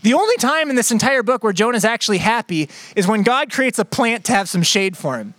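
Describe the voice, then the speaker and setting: A man preaching a sermon in a conversational, playful way, moving between quick asides and slow, emphatic phrases. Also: high-pitched, lively intonation, a bit bright, no room sound. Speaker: pastor.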